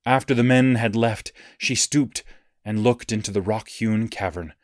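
A man narrating a scripture story in a solemn, measured, reverent manner. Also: lowish voice, dry recording, clean studio sound.

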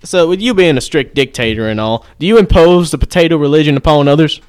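Guy playing a southern accent church guy, stammery, scolds everyone, clear smooth voice. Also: a little high, fast talker, lightly acted. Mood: indignant. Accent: Southern US (put on). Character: indignant Southern Christian man. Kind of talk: improvised comedy sketch.

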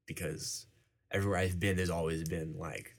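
A man's voice: low voice, fairly even intonation, moderate pace. A young man, a university student, answering interview questions casually and rambling with many fillers. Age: young adult.

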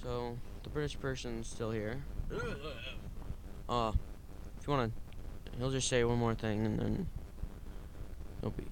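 A man hosting a silly amateur podcast, casual and exasperated in his delivery. A faint hiss sits under his mid-pitched voice. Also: steady tone, measured pace, gravelly, pauses often. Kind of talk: casual comedy banter.

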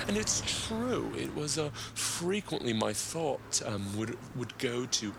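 A man with a gravelly, creaky voice rambles through a comedic monologue as host. He breaks into high, silly voices to quote people. A loud steady noise sits under the whole recording. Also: measured pace.

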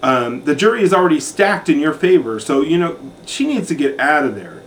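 A man's voice: a little high, big pitch swings, brisk, slight background noise. A man giving a sassy, catty recap of a reality show in a campy, sarcastic manner.

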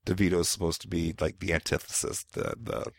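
A hungover man co-hosting a casual movie-review chat, rambling with halting fillers. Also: low-pitched, very animated, creaky, no room sound. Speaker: podcast co-host.

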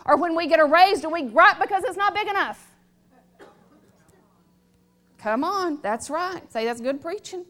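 A woman's voice: very high-pitched, animated, a little slow, long pauses, a bit bright. A middle-aged woman preaching a sermon, emphatic and repetitive, calling on the congregation to respond.

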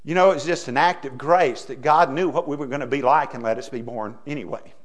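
A middle-aged man preaching a sermon as pastor, folksy, swinging from hushed asides to loud emphasis. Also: medium pitch, fairly quick.

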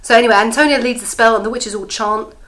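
A woman's voice: on the high side, fairly even intonation, quick pace, fairly bright tone. An English woman co-hosting a podcast, recapping a TV episode in casual chat and laughing often. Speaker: podcast co-host.

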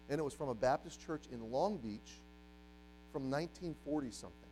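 A man preaching a sermon to a congregation, telling a story and moving from quiet, hushed passages to loud, emphatic ones. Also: medium pitch, normal speed, faint music behind, low-quality recording. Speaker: pastor. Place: church.

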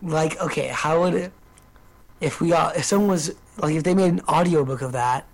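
A man co-hosting a casual podcast, his voice a touch high with a gravelly crackle. He speaks hesitantly and offhandedly, with plenty of fillers. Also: moderate pace. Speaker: podcast co-host. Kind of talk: casual chat.

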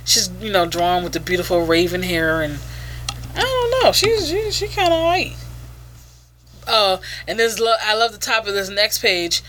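A woman with a bright voice chats through a comic book review in a loose, informal way. She swears often and slips into dry sarcasm. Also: medium pitch, huge pitch swings, moderate pace, slight background noise. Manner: casual, profane, sarcastic.

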